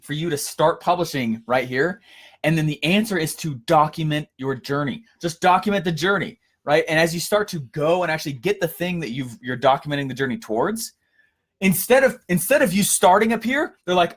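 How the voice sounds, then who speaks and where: A young man giving a casual coaching lesson, energetic and storytelling, with frequent fillers and restarts. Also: on the high side, a little fast. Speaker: course instructor.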